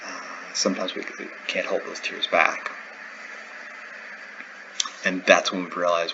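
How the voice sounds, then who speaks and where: A man's voice: sits low, level tone, slow, pauses often, muffled recording, background noise. A man teaching a recorded lecture, explaining in a conversational way with everyday examples. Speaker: instructor.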